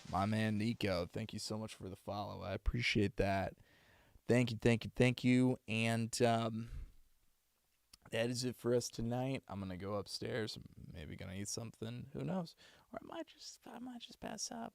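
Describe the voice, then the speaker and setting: A man's voice: on the low side, fairly even intonation, normal speed, creaky, dry recording. A young man streaming from his home setup, talking in a practiced Boston accent and rambling with many restarts as he thanks viewers. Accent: Boston, put on for practice. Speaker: streamer and voice actor. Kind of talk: casual chat signing off a livestream.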